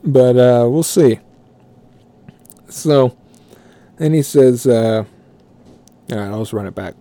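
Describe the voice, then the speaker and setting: A man's voice: mid-range voice, slow pace, pauses often, mellow, no echo. A man telling a profane work story casually, rambling and correcting himself as he goes. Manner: rambling, swearing, self-correcting.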